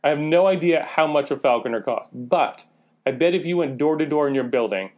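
A man chatting on a podcast, giving earnest, deadpan suggestions with stammering starts. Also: on the high side, fairly quick. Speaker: podcast co-host. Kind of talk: casual chat.

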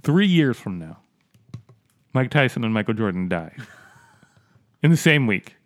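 A man's voice: medium pitch, sing-song, unhurried. A man co-hosting a podcast, joking and riffing in casual banter. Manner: jokey, riffing on ideas. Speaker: podcast co-host.

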